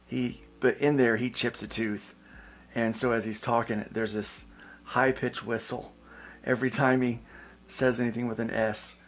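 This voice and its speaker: A man's voice: medium pitch, little pitch movement, measured pace. A man hosting a casual panel podcast, joking and rambling with fillers. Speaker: podcast host.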